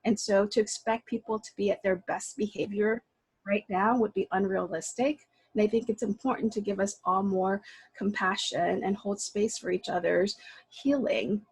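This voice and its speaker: Woman on a video call panel, kinda husky breathy voice, dry close sound, thinks out loud with lots of restarts. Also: mid-range voice, steady tone, moderate pace, dry recording, low-quality recording. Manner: reflective, frequent restarts and fillers. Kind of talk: casual panel discussion.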